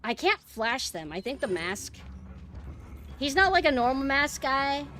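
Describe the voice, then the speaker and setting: Loud, lively young woman streamer. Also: high voice, a little slow. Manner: frustrated, swearing, yelling at the game. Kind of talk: live gameplay streaming.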